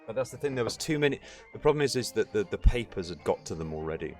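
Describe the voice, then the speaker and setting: Sweary ranting man, lowish voice. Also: sing-song, quick pace, a little mellow, soft background music. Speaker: podcast host. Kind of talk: casual political chat.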